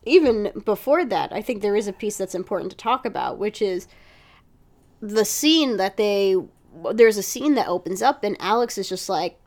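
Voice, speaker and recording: A woman co-hosting a podcast, chatting casually about a TV episode, animated and swearing freely. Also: mid-range voice, moderate pace. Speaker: podcast co-host. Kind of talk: casual chat recapping a TV episode.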